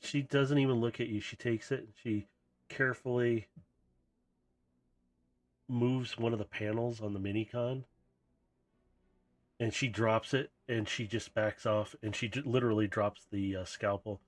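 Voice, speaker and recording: A man's voice: medium pitch, steady tone, measured pace, long pauses. A man narrating as game master in a tabletop game, in a casual, rambling way.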